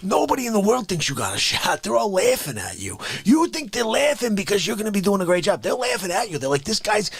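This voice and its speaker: Raspy Bronx tough guy, gravelly husky whisper, high wild swings, menacing interrogation, sudden shouts. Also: sing-song, quick pace, few pauses, dry recording, full character voice. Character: raspy older male Bronx tough guy demanding respect.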